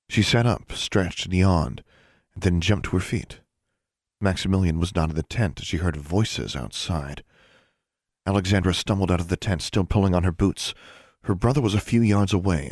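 A man narrating an audiobook in a steady, even reading. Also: low voice, no echo, clean studio sound. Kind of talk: scripted narration.

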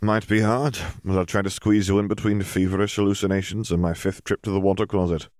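A man's voice: sits low, little pitch movement, fast talker, a little mellow, dry recording, natural voice. A man voicing an ill young father who answers with dry sarcastic quips. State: ill, coughing.

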